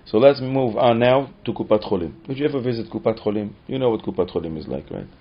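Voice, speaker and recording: A man's voice: medium pitch, animated, quick pace, husky. A man teaching as a rabbi, telling a story dramatically with repeated phrases. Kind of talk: storytelling lesson. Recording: dull muffled recording.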